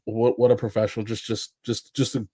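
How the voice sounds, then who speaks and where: A man with a medium-pitched voice talks fairly quickly, with no room sound, while telling stories in casual chat on a wrestling podcast panel. He rambles with many fillers and restarts, animatedly acting out quotes in a raised voice.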